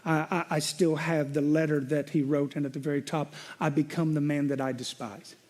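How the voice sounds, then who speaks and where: A middle-aged male pastor preaching a sermon, telling a personal story and shifting between loud venting and quiet reflection. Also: a little high, flat delivery, normal speed.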